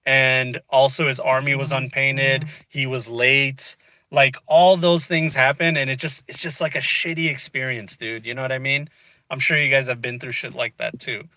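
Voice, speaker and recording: A man's voice: medium pitch, sharp tone, no room sound, low-quality recording. A man vlogging from inside a car, casually telling a frustrating story and peppering it with "dude" and "you know what I mean.".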